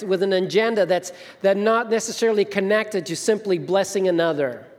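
A man's voice: high voice, a little fast, hardly any pauses. A middle-aged man, the senior minister, giving a storytelling sermon and acting out the voices of the people in his stories. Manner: storytelling, acts out quoted voices. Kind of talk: sermon with anecdotes. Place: church hall. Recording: long hall reverb.

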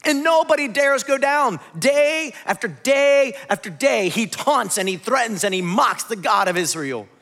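A man preaching a sermon in an animated, conversational way, joking with the audience. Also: very high voice, a little slow, few pauses, in a large hall. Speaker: pastor.

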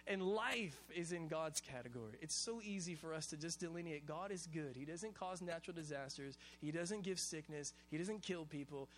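A man from Hawaii preaching a sermon in a casual, animated, conversational way, full of slang. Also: high voice, a little hiss or hum. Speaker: pastor.

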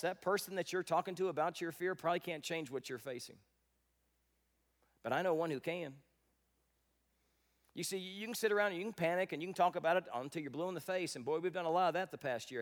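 A man preaching a sermon as pastor, swinging between dramatic loud bursts and quiet, intense passages. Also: fairly high pitch.

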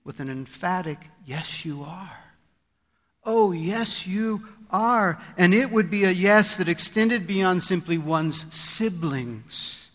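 A man's voice: sits high, animated, measured pace, few pauses, a bit bright, long reverb tail. A male pastor preaching a sermon in an earnest, conversational way, often asking his listeners rhetorical questions.

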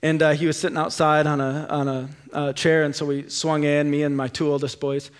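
A man in his thirties delivers a sermon in a church, his voice sitting notably high. He preaches with impassioned energy that climbs to fervent peaks. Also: little pitch movement, fairly quick, clean tone. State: out of breath. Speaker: pastor. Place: church sanctuary.

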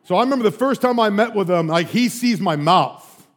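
A man preaching a sermon in an animated storytelling way, full of asides to the congregation. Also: high voice, fairly quick. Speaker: pastor.

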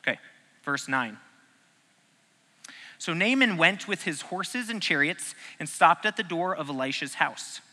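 Male preacher, fairly high and very bright voice, conversational and jokey, long hall reverb. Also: animated, a little slow, pauses often. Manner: joking, conversational, asks the audience questions. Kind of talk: casual teaching sermon.

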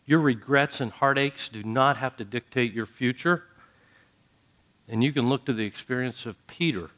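A man preaching a sermon, dramatic, dropping to soft low phrases and then rising to loud emphatic ones. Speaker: pastor.

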